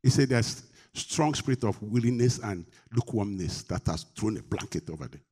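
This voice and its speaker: A man preaching a sermon as pastor, emphatic, with call-and-response questions to the congregation and bursts of rising pitch and volume. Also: animated, normal speed, dark tone, slightly rough.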